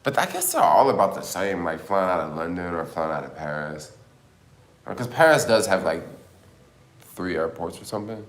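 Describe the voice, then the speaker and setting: A lower-pitched man talks loosely on his livestream, filling his thoughts with plenty of likes and you-knows. His voice rings a bit in an echoey room. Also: lively intonation, moderate pace. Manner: rambling, lots of filler words. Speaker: livestream host. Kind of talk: casual livestream chat.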